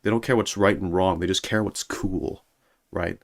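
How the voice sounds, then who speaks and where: A man's voice: low voice, steady tone, normal speed, creaky. A man streaming as a VTuber, rambling sarcastically in a casual monologue and mocking people in put-on voices.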